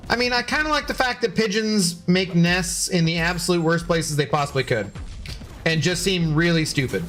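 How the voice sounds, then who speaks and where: Male game streamer, casual sarcastic banter with chat, a touch high-pitched, faint music underneath. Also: lively intonation, normal speed, fairly bright tone. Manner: joking, sarcastic, swears freely. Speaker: gaming streamer reading chat.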